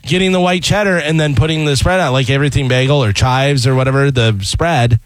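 A man's voice: mid-range voice, steady tone, a little fast, no echo. A man hosting a casual chat, reading out poll results between joking asides. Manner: chatty, reads out poll results. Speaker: host.

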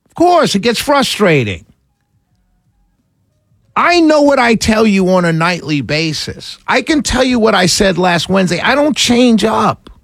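A man hosting a talk radio show, delivering an animated, exasperated monologue with rhetorical questions. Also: high-pitched, dry recording, studio quality. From New York City.

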